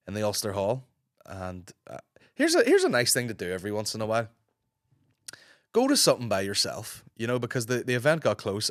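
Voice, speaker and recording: Northern Irish podcast host in his thirties, hoarse from a cold, lowish voice, swears a lot, dry close mic. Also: fairly bright tone, no echo. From Northern Ireland. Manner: swearing, rambling storyteller. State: hoarse from a sore throat. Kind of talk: casual solo podcast chat.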